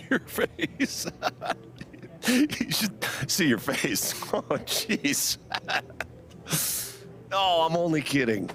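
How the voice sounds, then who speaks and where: An actor playing a deputy sheriff in a video game who likes playing pranks and talks in a friendly, joking way. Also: male voice, on the high side, big pitch swings, drawn-out words, long pauses, a bit bright, exaggerated voice. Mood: amused. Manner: mock-stern, then laughing and friendly. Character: jovial prank-loving male deputy sheriff.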